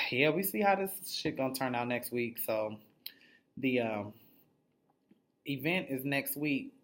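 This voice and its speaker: A man's voice: mid-range voice, sharp tone. A man giving a casual, profanity-heavy recap of a reality show episode, blunt and gossipy, slipping into the voices of the people he describes. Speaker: TV recap reviewer.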